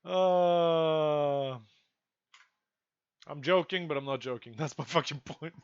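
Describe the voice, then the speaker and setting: A young man with a high, bright, sharp voice rants profanely to his stream chat, bursting out loud now and then. The sound is dry and close, with a dull, lo-fi quality. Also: brisk, no room sound. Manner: exasperated, profane ranting with sudden loud outbursts.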